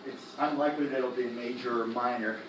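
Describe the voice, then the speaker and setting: A man teaching music theory in a classroom lecture, animated, firing quick questions at the students and tossing in slang. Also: medium pitch, slight background noise. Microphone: laptop recording the lecture. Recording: echoey classroom from a distance.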